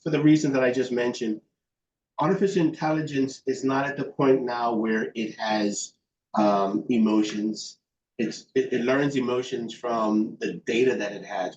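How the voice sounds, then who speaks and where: A man with a medium-pitched, darkish voice answers interview questions as a guest expert on a video call. He's thoughtful, using many fillers and restarting sentences. The audio sounds roomy and dull, with faint background noise.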